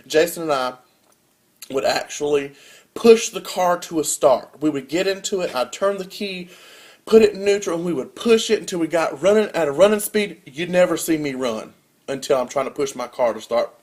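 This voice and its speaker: Young man, comic rant, fairly high voice, jumpy delivery. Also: normal speed. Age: young adult. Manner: animated storytelling with wide swings in pitch and loudness. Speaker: college student vlogger. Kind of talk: casual comedic rant.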